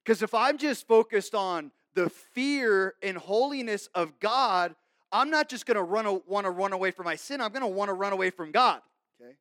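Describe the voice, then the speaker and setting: A man with a high voice delivers an earnest, conversational sermon, often pausing to check in with his listeners. He moves between forceful, raised lines and soft, hushed asides. The recording is dry and close, with no room sound. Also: animated, no echo. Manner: earnest, conversational preaching with frequent "okay?" check-ins. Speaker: pastor.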